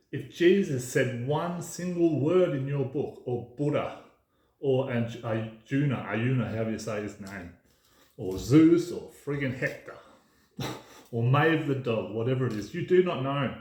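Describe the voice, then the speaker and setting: A man's voice: medium pitch, expressive, moderate pace, darkish tone. A man delivering an emphatic, ranting casual monologue as a podcast host, swearing freely. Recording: roomy echo.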